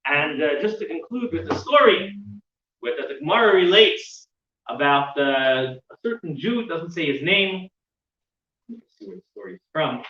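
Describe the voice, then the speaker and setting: A man's voice: on the high side, expressive, moderate pace, pushed and bright. A man teaching a weekly Torah class, telling a story with lots of fillers and restarts. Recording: roomy, dull sound from a distant mic.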